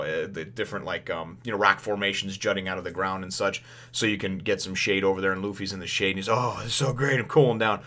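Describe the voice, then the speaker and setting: A man's voice: fairly low pitch, a bit bright. A man casually reviewing a manga chapter, rambling with many fillers and raising his voice to act out the characters' lines. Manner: rambling, lots of fillers, laughs while retelling; acts out lines of the characters in a raised voice.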